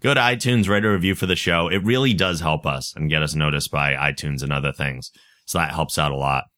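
A man hosting a podcast in casual chat, talking in a relaxed, chatty way and reading out plugs and contact details. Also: a bass voice, fairly quick. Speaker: podcast host.

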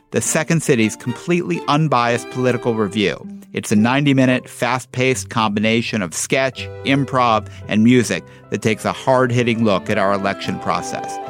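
Male host, brisk promo read, mid pitch, clear music underneath. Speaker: podcast host. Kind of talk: scripted outro.

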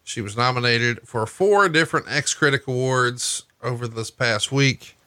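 Male podcast host, bright and forceful tone, dry studio sound, reads mail and plugs. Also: mid-range voice, clean tone, no room sound. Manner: reads listener mail and plugs, reacts with quick questions. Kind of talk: casual podcast chat.

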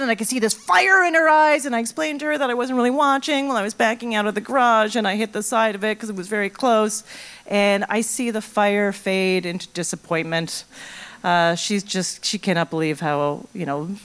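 Smooth-voiced woman telling a comic story. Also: mid-range voice, moderate pace. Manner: animated, comic, acts out voices in quotes. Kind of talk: live personal storytelling.

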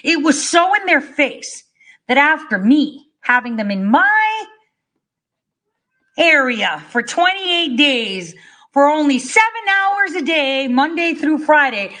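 Woman, impassioned rallying monologue, profane and emphatic, slightly high voice. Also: sing-song, slow, pushed and bright. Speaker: political speaker.

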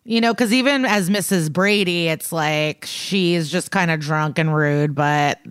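A woman co-hosting a podcast, talking through a TV episode in a loose, rambling way with playful asides. Her voice sits fairly low, and the recording is close and dry with no room sound. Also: a little slow, clear, resonant tone, dry recording. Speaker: podcast co-host. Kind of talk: casual chat recapping a TV episode.

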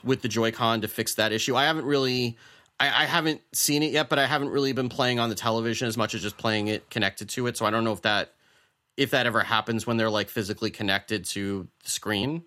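A man's voice: medium pitch, quick pace, bright, forceful tone. A man co-hosting a casual podcast chat, reading out a listener question and answering in a chatty way with many restarts. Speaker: podcast co-host.

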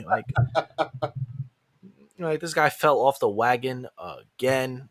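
A man co-hosting a casual wrestling podcast, retelling a show with acted-out quotes and big jumps in his voice. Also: a little slow. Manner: animated storyteller, acts out quotes with big pitch jumps. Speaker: podcast co-host. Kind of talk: casual wrestling recap chat.

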